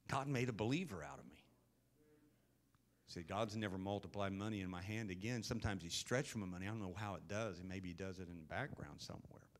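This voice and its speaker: A man in his fifties, a pastor telling a personal story in a sermon, then building to loud, earnest preaching. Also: deep voice, fairly quick.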